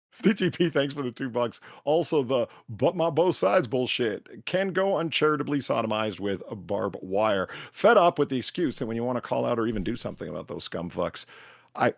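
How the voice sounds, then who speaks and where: Man, livestream host, profane emphatic ranting, raspy low edge, very dry sound. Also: animated, moderate pace, no room sound. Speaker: podcast host. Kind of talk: livestream talk show.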